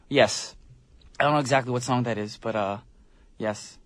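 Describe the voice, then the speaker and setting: A man's voice: medium pitch, moderate pace, long pauses, fairly bright tone, no room sound. A man working as a radio DJ, chatting casually and upbeat between songs, rambling a little with fillers. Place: radio studio. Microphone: studio microphone.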